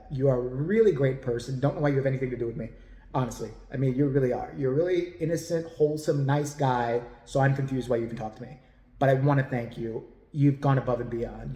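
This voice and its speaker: A man's voice: mid-range voice, fast, dark tone, echoey room, long reverb tail. A man hosting a podcast, talking casually to viewers in a blunt, rambling, profane way. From United States. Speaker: podcast host.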